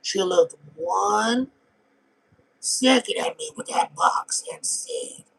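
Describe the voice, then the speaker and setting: A man's voice: sits high, slow, creaky, pushed and bright, husky, heavily acted, poor audio. A man voicing a brash, crude trailer-park woman smoker who rambles through gossip in a comedic character monologue.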